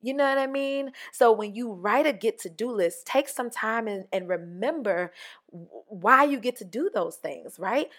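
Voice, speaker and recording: Animated woman hosting a solo podcast. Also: a little high, normal speed. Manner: animated, acts out quoted voices, conversational. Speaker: podcast host. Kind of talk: casual solo podcast monologue.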